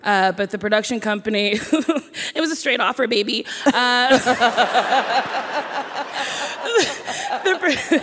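Woman comedian guest, animated and laughing, stage reverb lingering around her voice. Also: fairly high pitch, takes it slowly, pauses often, noisy background. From New Jersey. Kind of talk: casual interview chat. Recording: reverberant live stage recording.

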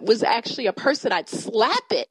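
A woman's voice: fairly high pitch, very animated, normal speed, husky, no room sound, rough recording. A woman finance columnist speaking in an interview, emphatic and blunt.

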